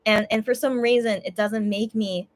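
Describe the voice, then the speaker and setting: A woman's voice: on the high side, fairly even intonation. Tearful young woman talking through tears. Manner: halting, many restarts and pauses. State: tearful, crying. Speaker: vlogger talking to viewers. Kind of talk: emotional casual livestream talk.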